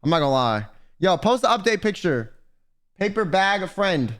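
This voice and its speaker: A young man streaming, telling stories in casual, profane, animated chat. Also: sits high, normal speed.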